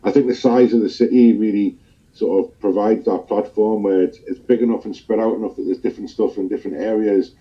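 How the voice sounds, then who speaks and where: A man's voice: fairly low pitch, fairly even intonation, fairly quick. A man, a guest in a casual interview, telling stories in a chatty, rambling way. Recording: dull lo-fi recording.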